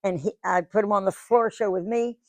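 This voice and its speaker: A woman's voice: medium pitch, fairly quick, no echo. A woman, telling stories to a live audience in a chatty, folksy way with many restarts. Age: 90s. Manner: chatty, folksy, repeats words and restarts often. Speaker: guest speaker, singer. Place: museum lecture room.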